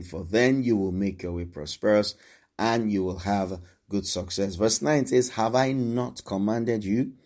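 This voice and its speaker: Male preacher, low voice, emphatic sermon, repeats exhortations. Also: a little mellow.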